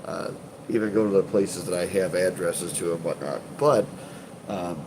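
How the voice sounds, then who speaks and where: A man's voice: low voice, fairly even intonation, normal speed, noisy background. A man with a stuffed-up voice chatting casually to viewers on a live stream, rambling and hesitant with many fillers and restarts, swearing offhandedly. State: congested, stuffed up. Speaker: urban exploration channel host.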